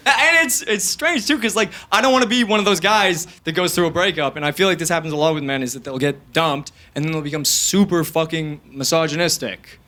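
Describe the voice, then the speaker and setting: A young man's a little high, a little fast voice barely pauses as he does stand-up on stage, handheld mic in hand, energetic, self-deprecating, and jumping into voices. The comedy club recording picks up audience noise.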